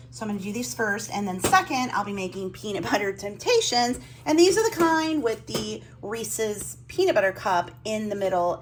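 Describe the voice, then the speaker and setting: Lively chatty woman vlogging at home. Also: mid-range voice, a little hiss or hum. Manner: chatty, talks through chores and to her dogs. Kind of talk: casual home vlog chat. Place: home kitchen.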